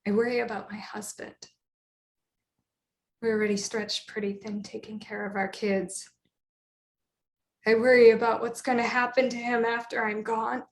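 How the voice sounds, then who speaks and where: A woman's voice: fairly high pitch, little pitch movement, normal speed, long pauses, lightly acted. A woman voicing a terminally ill mother who speaks in a pleading, emotional way. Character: dying mother of young children, a patient. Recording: roomy echo.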